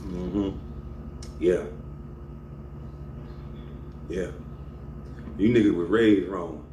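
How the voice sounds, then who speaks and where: Speaking very slowly in a low voice, a man rants at the camera as a YouTuber, scolding confrontationally and leaning hard on his points. The sound is lo-fi, recorded in an echoey room with a faint background hum.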